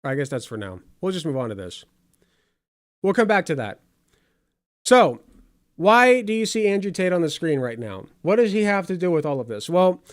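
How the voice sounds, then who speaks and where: A man's voice: sits high, dry recording, clean studio sound. A man hosting casual political commentary over clips, sarcastic and rambling with many fillers.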